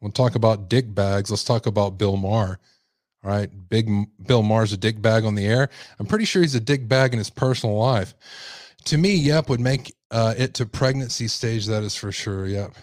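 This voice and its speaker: Low-voiced man rambling through stream commentary. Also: normal speed, a little mellow, no echo, studio quality. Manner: casual, rambling, reads chat aloud. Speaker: host. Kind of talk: livestream commentary.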